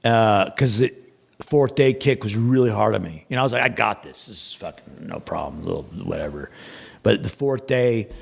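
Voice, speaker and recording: Podcast guest, male, low and gravelly, loose rambling storyteller. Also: moderate pace. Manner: rambling, repeats words, quotes others in dialogue. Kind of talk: casual storytelling.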